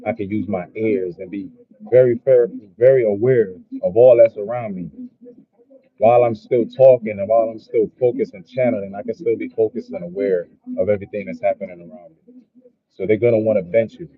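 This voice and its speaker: Husky-voiced man preaching over tinny audio. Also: fairly low pitch, steady tone, brisk. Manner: profane, repetitive, preachy. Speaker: motivational vlogger. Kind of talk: casual motivational monologue.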